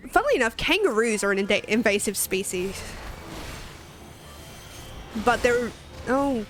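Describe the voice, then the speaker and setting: A woman's voice: a little high, sing-song, measured pace, a bit bright, soft background music. A young Australian woman streaming a game, rambling chattily, laughing often and swearing casually. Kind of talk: casual gaming stream chat.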